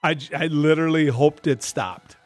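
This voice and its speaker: A man's voice: on the high side, normal speed, no room sound, soft background music. A man co-hosting a radio show in casual banter, telling a rambling story with restarts and laughs.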